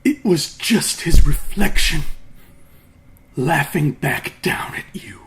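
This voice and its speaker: A man voicing a crazed, mutilated male android, delivering lines slowly and intensely. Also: a little high, expressive, gravelly, heavily acted. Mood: ominous. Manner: slow, intense, ominous delivery.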